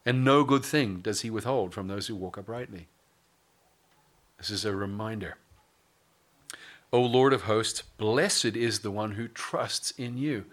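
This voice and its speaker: A man's voice: mid-range voice, expressive, a little slow, fairly bright tone. A male pastor preaching a sermon, mixing scripture with casual asides and humor.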